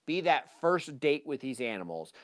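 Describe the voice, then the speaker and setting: A man presenting a live talk to an audience on a handheld mic, casual and energetic, with lots of fillers. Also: a little high, normal speed. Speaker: hunting seminar presenter.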